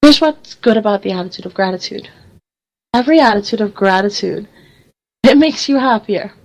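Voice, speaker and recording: Woman, radio host, casual chat, animated, acts out quotes, laughs a lot. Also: mid-range voice, moderate pace, poor audio.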